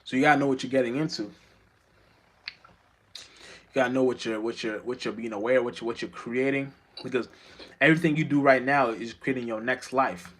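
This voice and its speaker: A man's voice: mid-range voice, fairly even intonation, fairly quick, long pauses, fairly bright tone. A man giving an unscripted spiritual monologue as a vlogger, rambling and profane, with many restarts and stammers.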